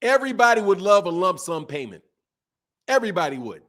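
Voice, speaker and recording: Speaking straight to his viewers, a boxing commentator delivers brisk, animated, casual commentary in a fairly high voice. He rants, repeats himself, and throws out one rhetorical question after another.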